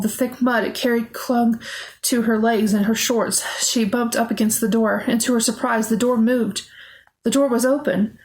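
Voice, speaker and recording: A woman narrating a children's horror novel aloud in a steady, expressive storytelling manner. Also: fairly high pitch, rough recording. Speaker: audiobook narrator.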